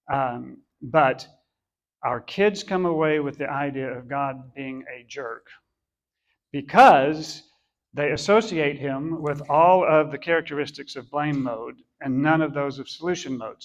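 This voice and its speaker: A man's voice: on the high side, fairly bright tone. A middle-aged man teaching a church class of adults in a conversational, self-deprecating and humorous way.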